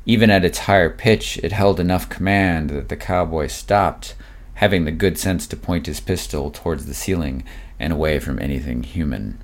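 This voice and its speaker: Very deep-voiced male story narrator. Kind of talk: scripted audiobook narration.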